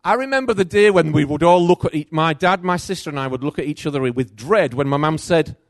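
Preaching a sermon, a middle-aged man shares a personal story at a quick clip with few pauses, alternating between loud and soft. His intonation is lively, climbing and dropping. The sound is close and dry, free of echo.

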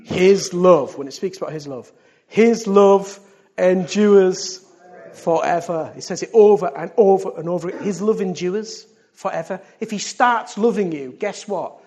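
A man preaching a sermon to his church. He swings from loud exclamations to hushed asides and keeps asking the congregation questions. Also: high voice, normal speed, dull audio. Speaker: pastor. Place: church service.

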